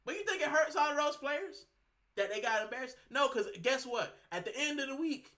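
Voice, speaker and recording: His very high voice carries lively intonation, a bright, forceful tone, and a slightly fast pace. Hosting his fan channel while sick, he strains his voice in a fuming rant to the camera, repeating himself.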